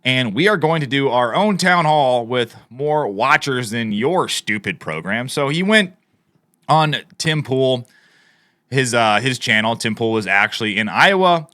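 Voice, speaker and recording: A man's voice: mid-range voice, pushed and bright, smooth, dry recording, studio quality. A man giving casual, opinionated commentary over played video clips. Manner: opinionated, conversational, frequent fillers. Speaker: political commentator.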